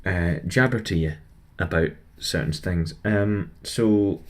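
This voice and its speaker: A young man with a notably deep, low voice chats to his viewers while he builds a model. He rambles from one thought to the next in an easygoing, self-deprecating way. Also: slow pace. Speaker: vlogger building a model kit. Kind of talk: casual chat while building.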